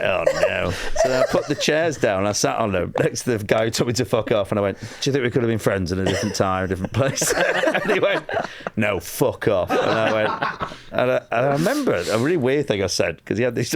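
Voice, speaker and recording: A comedian from England telling a long anecdote on a podcast, acting out quotes and laughing a lot. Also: male voice, mid-range voice, very animated, fast talker, background noise. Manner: storytelling with acted-out quotes, laughing often. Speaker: comedian guest.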